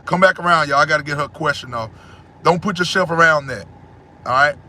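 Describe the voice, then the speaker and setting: A man hosting a casual livestream, answering his chat in a loud, preachy way and repeating phrases. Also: on the high side, fairly quick.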